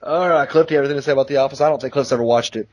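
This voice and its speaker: A man's voice: medium pitch, very fast, a little mellow, dry recording, rough recording. A man co-hosting a podcast, chatting enthusiastically and laughing often as he talks. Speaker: podcast co-host. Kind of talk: casual podcast chat.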